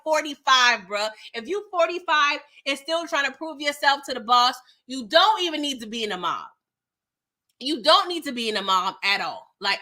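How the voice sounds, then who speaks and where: A woman's voice: high-pitched, bright, forceful tone. A young woman hosting a casual recap of a TV episode, chatty and slangy, reacting with exasperation. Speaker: TV recap host.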